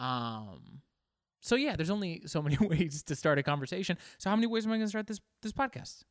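A man's voice: fairly high pitch, big pitch swings, normal speed, dry recording, studio quality. A man hosting his own podcast alone, rambling casually about himself in a self-deprecating way and swearing freely. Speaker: podcast host. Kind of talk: casual solo podcast monologue.

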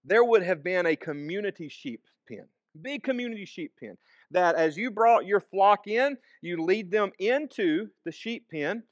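A man's voice: high-pitched, expressive, a little slow, no room sound, lo-fi sound. A man preaching a sermon, reading scripture aloud and then explaining it in an easygoing, conversational way. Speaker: pastor.

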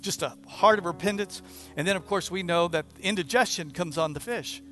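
A man preaching a sermon, retelling a story with lively, acted-out quoted prayers. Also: high-pitched, normal speed. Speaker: pastor.

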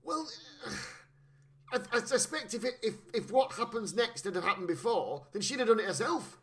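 A blunt, sardonic co-host in a relaxed film chat who swears without hesitation. The voice is very animated, with pitch rising and falling widely across each sentence. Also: normal speed. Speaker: podcast co-host. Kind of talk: casual film-discussion chat.

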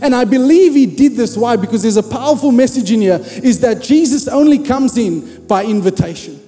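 A man's voice: very high-pitched, lively intonation, brisk, warm tone, in a large hall. A man preaching a sermon in a conversational, humorous way, speaking directly to his congregation.

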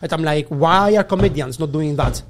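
Higher-voiced man telling a wild comic story. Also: normal speed. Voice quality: animated, swearing, laughs mid-story. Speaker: guest comedian. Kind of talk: casual storytelling.

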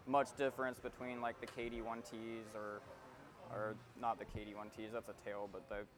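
A man's voice: lowish voice, monotone, normal speed, crowd noise. Hesitant male interview guest. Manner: hesitant, trailing off. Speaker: interview guest, RC helicopter pilot. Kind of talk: casual interview.

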